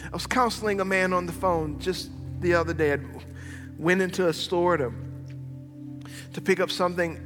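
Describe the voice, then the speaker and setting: A high-pitched male pastor preaching an emphatic sermon, moving from loud passages to hushed ones. His voice carries a long hall echo, with soft music playing underneath. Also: steady tone, normal speed, long pauses.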